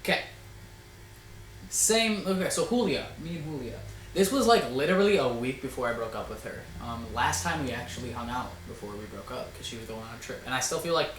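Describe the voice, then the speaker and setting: A young man hosting a casual storytelling chat, loud and laughing, swearing often and acting out quotes. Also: medium pitch, reverberant, a little hiss or hum, poor audio. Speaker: host.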